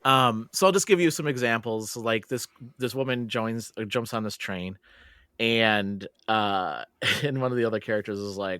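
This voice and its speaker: A man's voice: fairly low pitch, a little fast, a bit bright, no echo, studio quality. A man hosting a podcast, chatting casually and telling a story with laughs and lots of filler words. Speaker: podcast host.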